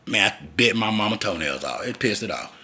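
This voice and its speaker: A man's voice: fairly low pitch, expressive, fairly quick, bright, forceful tone. Profane rambling man. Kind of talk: rambling profane childhood storytelling.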